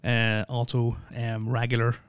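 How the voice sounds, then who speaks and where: Rambling podcast guy, flat delivery. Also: mid-range voice, a little slow, clean tone, no room sound. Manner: rambling, filler-heavy, joking. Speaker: podcast host. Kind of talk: casual solo podcast chat.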